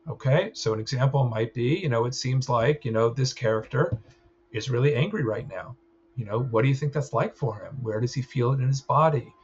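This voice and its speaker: A man's voice: medium pitch, a little fast, a little hiss or hum. Man giving a chatty clinical training lecture. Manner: conversational, frequent "right?" check-ins. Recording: slightly dull sound with faint ambience.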